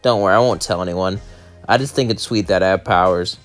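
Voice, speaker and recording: A man's voice: low-pitched, fast talker, faint music behind, natural voice. A man voicing a bratty, scheming boy who talks in a whiny, sarcastic, petulant way. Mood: smug.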